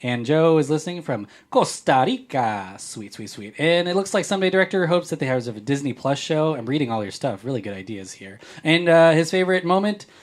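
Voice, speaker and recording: A man's voice: fairly high pitch, expressive, a little fast, hardly any pauses. Guy hosting a podcast, goofing around while he reads listener mail. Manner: playful, jokey, rambling. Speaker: podcast host. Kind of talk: casual chat, reading listener mail.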